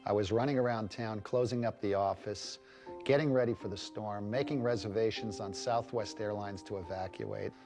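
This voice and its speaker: A man speaks in a fairly low voice, recounting events with earnest emphasis. He sounds like he is giving an interview testimonial. Music plays clearly beneath him. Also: fairly even intonation, normal speed. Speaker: husband of a cancer patient. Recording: music bed under the voice.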